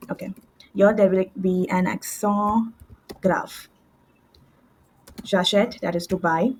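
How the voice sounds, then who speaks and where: A woman tutoring French, explaining verb endings step by step with fillers and quick self-corrections, at a desk with a computer mic. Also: medium pitch, darkish tone, low-quality recording. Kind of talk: screen-share language lesson.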